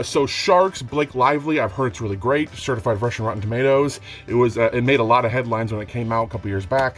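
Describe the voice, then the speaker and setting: A young man talking casually in a home vlog, rambling and self-mocking, getting excitable as he shows off his finds. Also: mid-range voice. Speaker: DVD collector vlogger. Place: home room.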